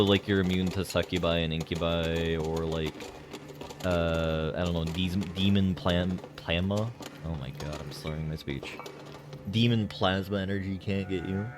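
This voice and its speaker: A man streaming a game, musing at length with lots of fillers. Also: sits low. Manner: rambling, filler-heavy. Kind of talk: casual live-stream commentary.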